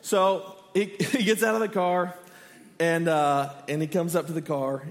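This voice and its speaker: A man in his thirties from Texas, a pastor preaching with animated, self-deprecating stories. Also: a little high, moderate pace. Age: 30s. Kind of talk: sermon with humorous personal story. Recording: echoey church hall.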